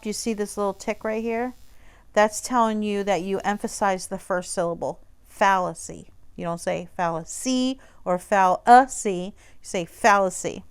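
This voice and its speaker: A woman teacher talking students through a textbook page in a relaxed, conversational way, with fillers. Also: medium pitch, smooth. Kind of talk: recorded online lesson walking through a textbook page.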